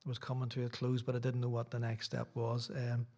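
A man's voice: medium pitch, completely flat delivery, brisk, dark tone. Chatty Irish man preaching in church. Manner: rambling, self-deprecating, chatty asides. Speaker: visiting preacher. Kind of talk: sermon with casual chat.

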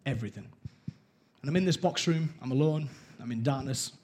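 A young man candidly sharing his personal testimony in a conversational way, with halting restarts. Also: medium pitch, a little mellow, a little hiss or hum.

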